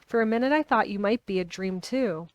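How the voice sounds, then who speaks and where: A stubborn, inquisitive young girl asks blunt, direct questions, read aloud by a woman. Her pitch rests in a middle range. The sound is dry and close. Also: brisk, no echo, highs cut off, close to an everyday voice. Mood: curious.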